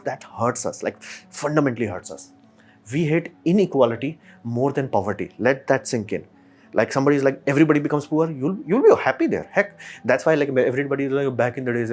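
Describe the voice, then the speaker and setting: A man hosting a podcast, talking casually and emphatically, with rhetorical questions and mock quotes. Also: medium pitch. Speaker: podcast host. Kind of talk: casual solo commentary.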